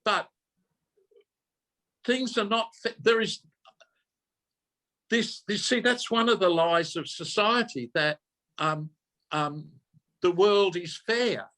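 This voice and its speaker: Slow-talking older man. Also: sits high, bright, forceful tone. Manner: earnest, repeats himself, self-interrupting. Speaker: minister giving a talk. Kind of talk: personal storytelling talk.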